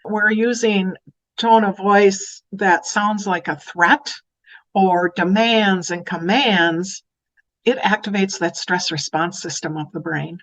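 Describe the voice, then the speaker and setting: A woman's voice: medium pitch, takes it slowly. Woman giving an early-childhood lesson. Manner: warm, animated when acting out phrases to children. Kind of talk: educational talk.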